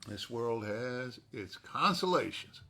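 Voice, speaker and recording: An actor playing a charismatic male outlaw gang leader, delivering the lines slowly and grandly. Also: medium pitch, animated, sharp tone, exaggerated voice. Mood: musing. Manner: slow, deliberate, grand delivery. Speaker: voice actor repeating his game lines.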